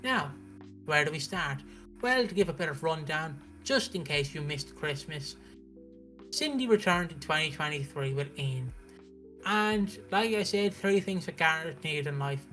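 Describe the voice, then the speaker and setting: A British man recapping a soap opera on a stream in a casual, animated way, with frequent restarts. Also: on the high side, unhurried, soft background music. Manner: animated storytelling, acts out characters' lines, frequent restarts.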